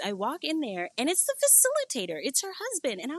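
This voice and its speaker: A young woman telling a story on a podcast in casual chat, animated and swearing freely, acting out quotes. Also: on the high side, quick pace, dry recording. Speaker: guest.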